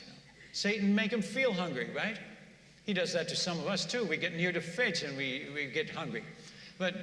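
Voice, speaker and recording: A man preaching in a church, telling a mission story in an animated, conversational way and often repeating words. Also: high-pitched. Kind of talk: sermon storytelling. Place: church sanctuary. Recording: echoey church hall.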